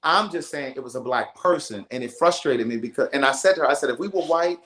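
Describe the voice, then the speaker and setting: A man's voice: medium pitch, quick pace. Fields: emphatic man telling a story in an echoey room. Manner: animated, emphatic storytelling with frequent repetitions. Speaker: livestream host. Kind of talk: casual storytime on a livestream. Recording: roomy echo.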